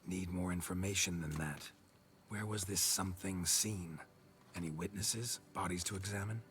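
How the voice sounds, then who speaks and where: An actor voicing a blunt, gruff monster-hunting witcher in video game dialogue, with short, dry replies. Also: low voice, normal speed, a bit bright, slight background noise.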